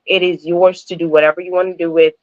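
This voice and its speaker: A woman's voice: on the low side, level tone, fast, no room sound, muffled recording. A woman from Jamaica who talks with an American-sounding accent, chatting as a guest over a video call and laughing often. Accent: American-sounding English. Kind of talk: casual interview chat.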